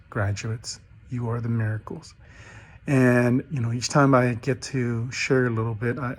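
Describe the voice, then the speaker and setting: A man's voice: medium pitch, slightly rough. A middle-aged man recording a graduation message at home. He tells a parable in a casual way, acts out the characters' quoted lines, and often starts over with fillers and repeated words. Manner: storytelling with animated quoted voices. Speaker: graduation speaker.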